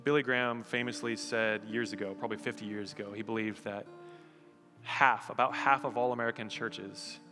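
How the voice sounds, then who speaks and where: A man preaching a sermon as pastor, moving from quiet storytelling to loud, fervent pleading. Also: fairly low pitch, fairly even intonation, brisk, in a large hall, soft background music. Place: church sanctuary.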